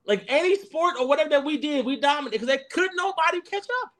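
Animated, profane man riffing on a podcast. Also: very high-pitched, fast. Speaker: podcast panelist. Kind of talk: casual chat.

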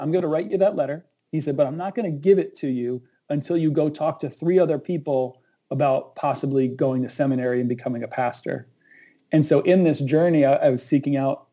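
A man, a pastor, earnestly telling the story of his calling in casual conversation, jumping higher when he quotes others. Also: rough recording. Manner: earnest, reflective, with animated quoted asides.

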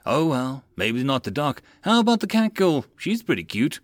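A man's voice: fairly high pitch, sing-song, normal speed, no echo, voice pushed up. A man doing a cheeky, joking soldier. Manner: cheeky banter.

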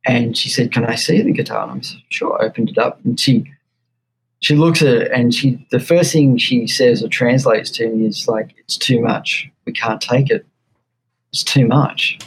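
A man with an Australian accent, a guitar maker being interviewed, telling an animated story and acting out the quotes. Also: mid-range voice, normal speed, slight background noise, poor audio. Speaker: guest luthier.

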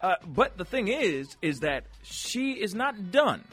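A man hosting a radio show, chatting casually and addressing the listeners directly with slangy, animated talk. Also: high-pitched, slow pace, breathy edge. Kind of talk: casual chat.

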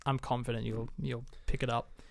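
A man co-hosting a film review podcast in casual chat, animated and quick to laugh. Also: mid-range voice, vocal fry. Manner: animated, laughs often, quotes scenes in voices. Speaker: podcast co-host.

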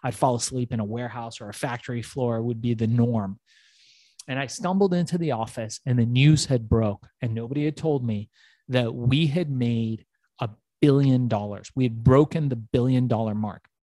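A middle-aged man telling his story as an interview guest, animated and acting out dialogue, swearing freely. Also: mid-range voice, moderate pace, no echo.

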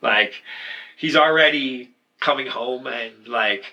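A man from Alberta, Canada co-hosting a podcast, relaxed and rambling in casual chat, with halting restarts. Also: mid-range voice, dull audio. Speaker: podcast co-host.

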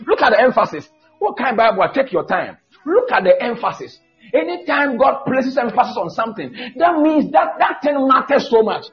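A man preaching a fiery sermon, shouting and drawing out emphatic Bible quotes. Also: high voice, lively intonation, fairly quick. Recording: dull lo-fi church recording with faint music.

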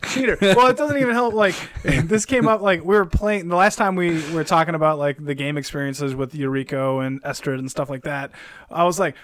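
A man with a somewhat high voice, recorded dry and close, trading sarcastic jabs with his cohost in a casual podcast. He swears easily and plays up mock outrage. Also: a little fast, a bit bright, no echo.

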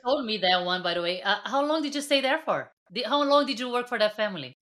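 A woman's voice: a little high, animated, fast, a bit bright, slight background noise. A woman podcast co-host in casual chat, mostly reacting and asking follow-up questions. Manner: reacts with short backchannels and questions.

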